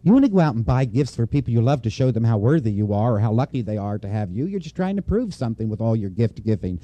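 Dark-voiced male preacher, earnest sermon. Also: mid-range voice, animated, fast talker, few pauses, no room sound. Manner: earnest, personal, repeats lines for emphasis. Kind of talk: conversational sermon. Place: church before a congregation.

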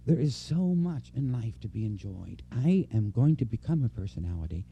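A man delivers a conversational sermon to his congregation in a very dark, mellow voice. He speaks earnestly and personally, repeating key phrases for emphasis. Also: medium pitch, big pitch swings, moderate pace, creaky, lo-fi sound, slight background noise. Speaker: preacher. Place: church before a congregation.

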